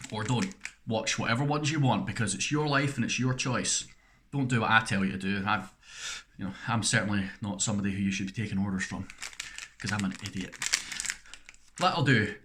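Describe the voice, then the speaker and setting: A man's voice: lowish voice, brisk, long pauses, a bit bright, slight background noise. A man chatting casually in a snack review vlog, rambling and poking fun at himself between bites. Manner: rambling, self-deprecating chat while eating. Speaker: snack reviewer, channel host.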